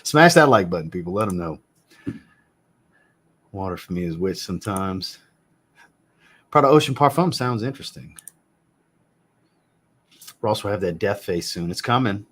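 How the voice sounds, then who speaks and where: A man with a fairly low voice chats casually on a home livestream. He answers viewers in a blunt, joking way and swears freely. He sounds like a man in his thirties. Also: animated, moderate pace, long pauses, a bit bright. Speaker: fragrance reviewer hosting a live chat. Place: home room with a fragrance shelf.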